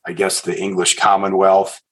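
A male podcast host with a very low, husky voice. He speaks in a measured way, affirming his guest's answers and steering the conversation. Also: monotone, a bit bright, poor audio. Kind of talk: interview questions and wrap-up.

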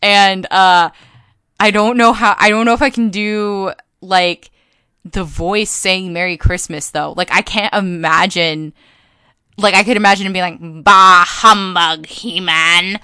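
A woman's voice: medium pitch, fairly even intonation, measured pace, sharp tone, clean tone, no echo. A woman co-hosting a podcast in casual chat, rambling with plenty of fillers. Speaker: podcast co-host.

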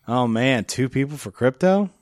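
A man's voice: mid-range voice, expressive, normal speed, a little mellow, no echo. Joking man hosting a podcast, dry sound. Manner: jokey, laughs often. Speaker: podcast host. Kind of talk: casual podcast chat.

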